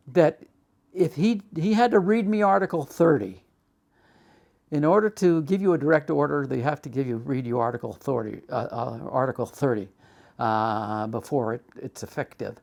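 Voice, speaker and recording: Gravelly older man telling his story. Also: fairly high pitch. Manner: recounts events with rising agitation and halting restarts. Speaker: documentary interviewee. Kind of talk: personal storytelling.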